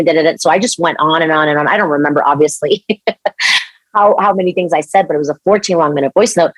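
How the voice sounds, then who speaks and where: A young adult woman from Mexico, a podcast guest telling a personal story in an earnest, animated way, with many restarts. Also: deep voice, fast, dry recording.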